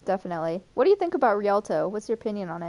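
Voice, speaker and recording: Female esports co-caster, mid-range voice, chatty and quick to giggle. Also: medium pitch, very animated, warm tone. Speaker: esports co-commentator. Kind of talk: casual live esports commentary.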